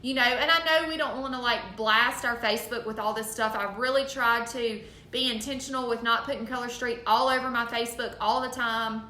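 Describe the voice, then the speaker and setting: A woman's voice: fairly high pitch, steady tone, fairly quick, hardly any pauses, sharp tone. A woman giving a casual, earnest motivational talk to her sales team, full of ums and likes. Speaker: direct sales team leader. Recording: echoey room.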